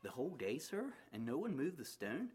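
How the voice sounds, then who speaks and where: A man's voice: a little high, big pitch swings, moderate pace, darkish tone, slight background noise, voice pushed up. A man voicing an honest young man who speaks nervously and stammers.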